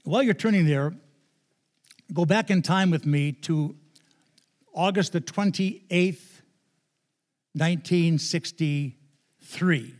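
An older man stands before a church congregation as a guest preacher, his voice sitting a little on the high side. He talks in a chatty, good-humored way, telling stories and joking with the people in the pews before he moves into his sermon. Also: takes it slowly, pauses often. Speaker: guest pastor. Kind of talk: sermon with storytelling. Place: church sanctuary.

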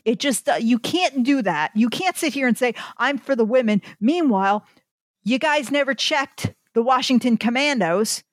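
A woman's voice: fairly high pitch, lively intonation, normal speed, no echo. A woman author ranting bluntly in a candid podcast chat, swearing freely. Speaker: guest, fantasy author.

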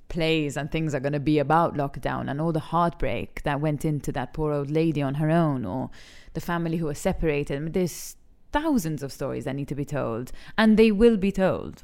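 A young adult actress from Malta, speaking openly and with feeling in an interview, laughing easily. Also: female voice, low-pitched, a little mellow, smooth. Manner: candid and emotional, laughs easily. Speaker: actress and TV talent show judge. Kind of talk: frank interview conversation.

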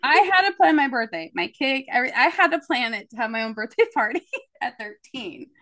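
A high-pitched woman with a brisk delivery hosts a podcast in a relaxed, chatty style. Her storytelling is animated, and she acts out the quotes rather than just reporting them.

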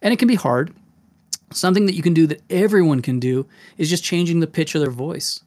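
Casual podcast host, game master, animated, slightly high voice. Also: male voice, a little fast. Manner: animated, demonstrative, jumps into voices.

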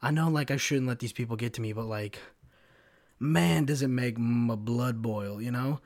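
A man in his twenties hosting a podcast, telling a story in a profane, sarcastic and animated way. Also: medium pitch, moderate pace, dry recording, clean studio sound. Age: 20s. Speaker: podcast host. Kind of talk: casual storytelling monologue.

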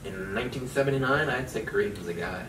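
Lively low-voiced young man, echoey room. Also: quick pace. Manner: animated, reading from notes, bursts of laughter. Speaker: podcast host. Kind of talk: casual chat. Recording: echoey room, mic far off, faint noise.

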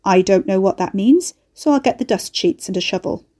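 A woman voicing a pragmatic man who speaks in a flat, matter-of-fact way. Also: medium pitch, brisk, lightly acted. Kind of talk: audiobook character voice.

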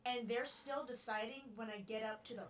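A woman's voice: fairly high pitch, steady tone, fairly quick, distant mic, noisy background. A woman co-hosting a podcast, speaking bluntly and swearing freely in casual chat. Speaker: podcast co-host.

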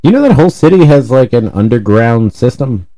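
A man's voice: medium pitch, big pitch swings, a little fast, dark tone, low-quality recording. A man co-hosting a casual comedy podcast, telling rambling stories and swearing freely. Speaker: podcast co-host.

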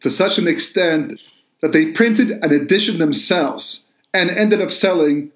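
A man's voice: a little high, a little slow, fairly bright tone, echoey room. A man, an author, talking earnestly about his religious books and telling a joke to explain his ideas.

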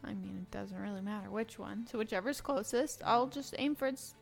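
A woman's voice: mid-range voice, fairly quick, vocal fry. A woman playing a tabletop game, talking in a casual, blunt way and laughing often. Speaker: player. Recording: faint music behind.

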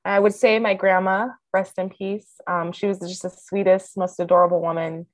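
A woman's voice: mid-range voice, flat delivery, normal speed, no echo. A woman co-hosting a podcast in casual chat, often agreeing with short murmurs. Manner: warm agreeing, frequent "mm-hmm". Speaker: podcast co-host.

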